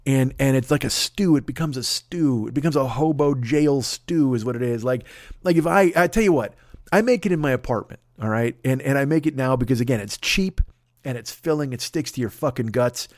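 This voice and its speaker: A podcast host in his fifties, mid-range in pitch and a little fast, delivers a rambling, crude comic monologue. The studio-quality recording has no room sound, and his storytelling is animated.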